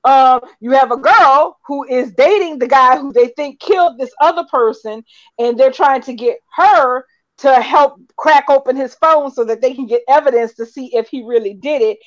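A woman co-hosting a soap opera chat show, recapping episodes with animated retellings and acted-out quotes. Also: high voice, moderate pace. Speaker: soap opera podcast co-host. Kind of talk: casual chat. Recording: dull lo-fi audio.

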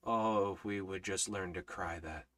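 Fervent man preaching with a bright voice. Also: low-pitched, fairly even intonation, moderate pace. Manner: preaching with rising fervor, repetitive emphatic lines. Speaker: Bible teacher. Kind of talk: sermon-style Bible study.

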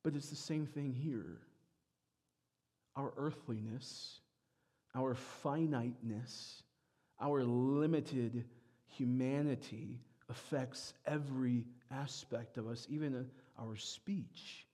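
A pastor preaching a sermon, moving from quiet reflection to loud, emphatic peaks. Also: male voice, medium pitch, slow pace.

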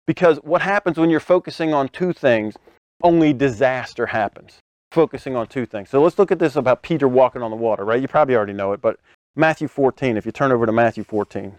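A man preaching a conversational sermon, animated, acting out scenes with sudden loud bursts and laughing often between phrases. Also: medium pitch, fast talker, no room sound.

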